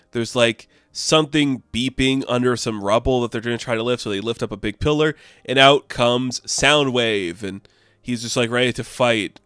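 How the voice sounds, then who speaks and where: Clear-voiced man rambling through a comic review. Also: mid-range voice, a bit bright, no echo. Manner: opinionated, rambling with frequent fillers.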